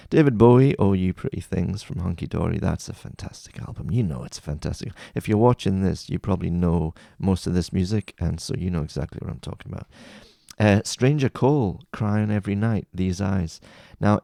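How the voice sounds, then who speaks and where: A very low-pitched man with a heavily gravelly, dark voice talks through his favourite songs in a casual, rambling way. He often second-guesses and corrects himself mid-thought. The sound is dry, with no room echo. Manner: chatty, rambling, self-correcting. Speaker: music playlist host. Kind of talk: casual chat about music.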